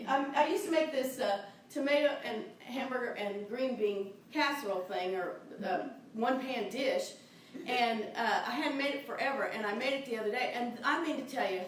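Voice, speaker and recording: A woman's voice: high-pitched, slight background noise. A middle-aged woman minister giving a chatty, enthusiastic sermon, laughing often, recorded from a distance in a church sanctuary. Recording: very echoey, distant mic in a church.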